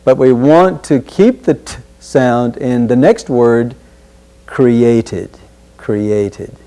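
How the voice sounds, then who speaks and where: Slow, careful male speech teacher. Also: mid-range voice, dark tone. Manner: slow, deliberate, repeats each word carefully. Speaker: speech instructor. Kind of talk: pronunciation drill lesson.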